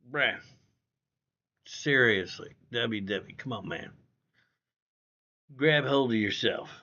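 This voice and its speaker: Chatting on a live stream, this guy reads out viewer comments bluntly, swears, repeats himself, and keeps calling folks "bro." He has a medium-pitched, slightly bright voice, though the recording sounds muffled.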